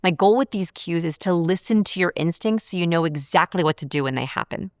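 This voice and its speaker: A woman behavioral researcher giving an instructional talk to camera, clear and measured, slowing down to stress key points. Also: fairly low pitch, darkish tone, dry recording, clean studio sound. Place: studio.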